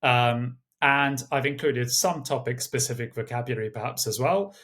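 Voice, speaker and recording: A man giving a recorded exam tutorial, speaking in a measured way with many uh and um fillers. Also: mid-range voice, a bit bright. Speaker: language tutor. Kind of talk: screen-share exam tutorial.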